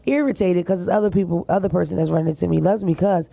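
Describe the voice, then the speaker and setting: A woman's voice: on the low side, fast talker, gravelly, dark tone, no room sound. A young adult woman comedian, a guest on a podcast, chatting casually in a brash, profane, joking way. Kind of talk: casual chat.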